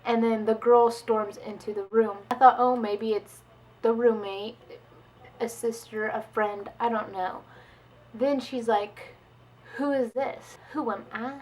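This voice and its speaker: A young woman vlogger telling a story in casual chat, chatty and animated, with many "like"s and quoted dialogue. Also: fairly high pitch, measured pace, poor audio.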